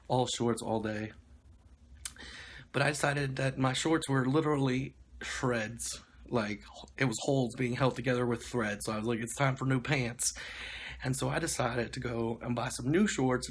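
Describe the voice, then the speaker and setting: Young guy rambling at his camera, blunt and sweary, faint hiss behind, dim little room. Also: mid-range voice. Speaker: vlogger. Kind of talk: casual vlog update. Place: small dim room indoors.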